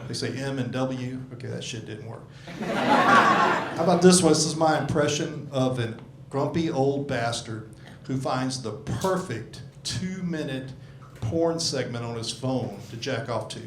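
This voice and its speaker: A man's voice: medium pitch, sing-song, measured pace, a bit bright, slight background noise. A man in his sixties doing a stand-up comedy set in a club, rambling, profane and self-mocking, working the crowd. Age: 60s. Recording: echoey club room.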